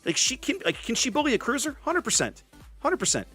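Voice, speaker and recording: A man from the US Gulf Coast with an extremely high, husky voice hosts a casual gaming stream, talking briskly over soft background music. Chatty and animated, he answers viewers' comments as he plays and reads their chat names aloud.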